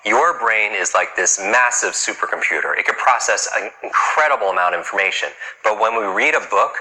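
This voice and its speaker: A man speaks in a deep register with a sharp, strongly bright edge. He coaches a live crowd on reading in a brisk, punchy style. He keeps throwing rhetorical questions at them. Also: expressive, poor audio. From New York. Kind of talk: motivational talk to a live audience.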